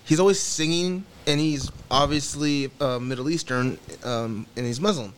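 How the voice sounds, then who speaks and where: A man's voice: fairly high pitch, normal speed, clear, resonant tone. A man chatting casually among friends, starting his story hesitantly with many fillers. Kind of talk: casual chat.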